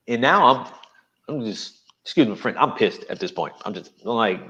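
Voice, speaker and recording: A man's voice: medium pitch, normal speed, muffled recording. A man from New Jersey, a guest giving an emphatic personal testimony in an interview. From New Jersey, USA. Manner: animated, emphatic storytelling.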